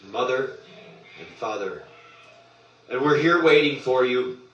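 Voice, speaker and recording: A man preaching on a livestream, cursing freely and swinging from loud proclamations to hushed murmurs. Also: medium pitch, expressive, unhurried, reverberant, distant mic, dull audio. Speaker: spiritual group leader.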